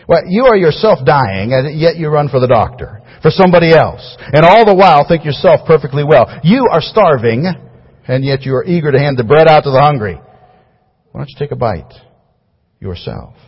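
A man preaching a sermon to a large crowd, earnest and pleading, rising to loud emphatic cries and falling to low tones. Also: breathy edge. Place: large hall before a crowd. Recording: dull recording with long hall reverb.

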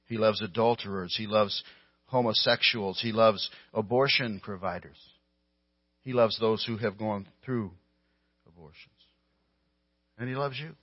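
A man's voice: lowish voice, slightly rough, dry recording, muffled recording. Emphatic male pastor preaching. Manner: emphatic, with sudden loud stresses and quiet drops. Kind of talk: sermon.

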